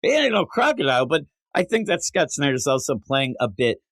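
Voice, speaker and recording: Animated, high-voiced man reviewing comics. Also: brisk, no room sound. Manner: animated, laughs often, acts out characters' lines. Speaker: podcast co-host. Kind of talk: casual comic book review chat.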